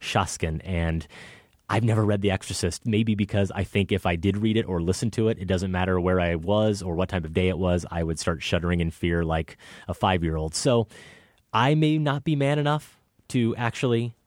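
A man's voice: low voice, fairly even intonation, a little fast, a little mellow, no echo, clean studio sound. A man co-hosting a film podcast, talking in a wry, conversational way and reading ads. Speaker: podcast co-host. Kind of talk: casual film talk and ad reads.

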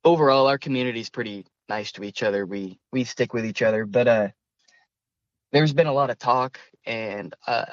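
A young student appears as a guest in a conversational interview, talking earnestly but somewhat hesitantly and often restarting his sentences. His voice sits mid-range for a man and moves at a normal speed. The recording is dry, with no room echo, and sounds slightly dull and lo-fi.

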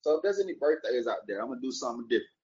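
In dull audio, this man's mid-range voice comes out very animated and rapid-fire, with a slightly mellow quality. As a vlogger handing out daily encouragement, he rambles playfully to camera, trading jokes and wordplay and wishing his viewers a good day.

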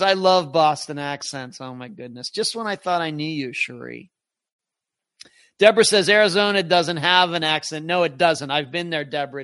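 A man's voice: on the high side, a bit bright, dry recording, clean studio sound. A middle-aged man hosting a live podcast, reading viewer comments aloud in a rambling, chatty way with many restarts. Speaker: podcast host.

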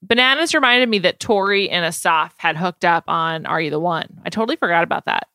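Female co-host, bubbly and giggly, bright lively voice. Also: fairly low pitch, no echo. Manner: bubbly, laughing, quick to agree. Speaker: podcast co-host. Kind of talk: casual chat.

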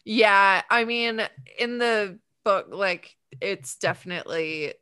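A woman's voice: mid-range voice, takes it slowly, pushed and bright, smooth, no room sound. A woman co-hosting a casual podcast chat as a breakup coach, talking loosely with frequent restarts and dry quips.

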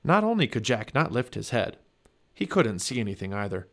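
A man reading a children's chapter book aloud, with expressive storybook narration. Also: fairly low pitch, a little fast. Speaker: family podcast reader.

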